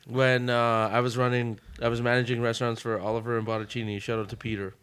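A man chatting casually on a podcast, telling restaurant stories with an animated delivery. He drops in swear words and plays the people in his anecdotes. His voice sits at an everyday middle pitch. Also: quick pace, smooth. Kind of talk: casual chat.

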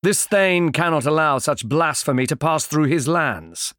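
Man doing a proud noble dragon knight, stern, formal, commanding, slightly raised pitch, dry close audiobook sound. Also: lively intonation, measured pace, a bit bright, no echo. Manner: commanding, formal, speaks of himself in third person. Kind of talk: audiobook character voice.

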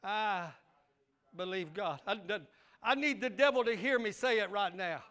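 A man's voice: high-pitched, animated, a little slow, fairly bright tone. A male pastor, preaching a fiery sermon with call and response.

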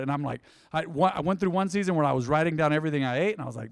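A man's voice: a little high, expressive, a little fast, creaky, few pauses, in a large hall. A man in his thirties preaching a casual, conversational sermon to a church congregation, full of rhetorical questions and asides. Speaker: pastor. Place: church sanctuary.

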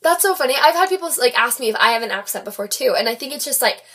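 A woman's voice: on the high side, animated, very fast, a bit bright, husky. A young woman with a slight Midwestern American accent, chatting bubbly and giggly as a podcast cohost. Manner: bubbly, giggly, lots of fillers. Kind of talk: casual podcast chat.

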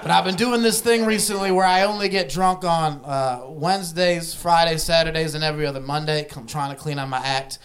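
A man's voice: fairly high pitch, fairly even intonation, fairly quick, hardly any pauses, crowd noise. A young man from Ohio doing a stand-up comedy set, talking loosely and laughing as he goes, with audience laughter around him. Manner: loose, laughing, conversational delivery. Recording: live club with audience laughter.

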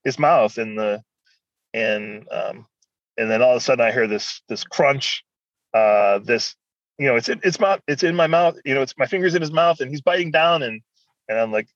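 A man as a guest, telling a personal story in an animated, rambling way. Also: mid-range voice, normal speed, no echo, highs cut off.

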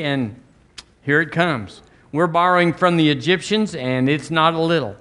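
A man's voice: a little high, moderate pace, a bit bright. A man preaching a fervent sermon as pastor, leading his church in call-and-response.

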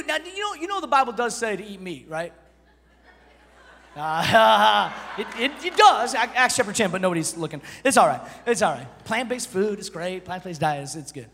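A pastor in his thirties preaching a sermon, animated and joking, swinging from shouts to hushed storytelling. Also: high voice, moderate pace, long reverb tail, a little hiss or hum.

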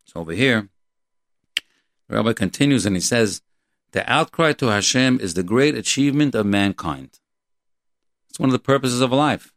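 A man delivers a Torah lecture in a somewhat low voice, moving between Hebrew verses and his own explanations. He talks in a halting, repetitive way but stays earnest and emphatic. The recording is dry and close. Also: dry recording. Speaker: Torah teacher.

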